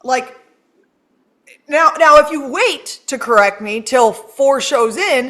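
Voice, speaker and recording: Bright, blunt woman swearing freely. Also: high voice, animated, slow pace. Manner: blunt, profane and self-mocking. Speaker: podcast co-host. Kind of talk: casual chat.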